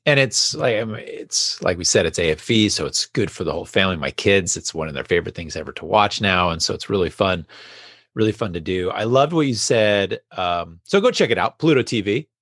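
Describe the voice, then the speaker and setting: A man's voice: low-pitched, animated, a little fast, fairly bright tone, no echo, clean studio sound. A middle-aged man hosting a casual podcast conversation, talking about his family and past. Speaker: host.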